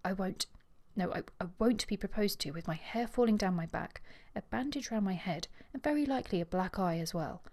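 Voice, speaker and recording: A woman's voice: medium pitch, expressive, brisk, hardly any pauses, a little mellow. A woman reading aloud as a spirited, witty young Regency lady, indignant and playful.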